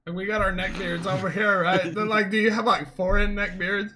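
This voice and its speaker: A man co-hosting a casual gaming podcast, bantering loudly with laughs and swearing over a headset mic. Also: high-pitched, little pitch movement, brisk, slight background noise. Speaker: podcast co-host. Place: hot room at home. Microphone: headphones with mic.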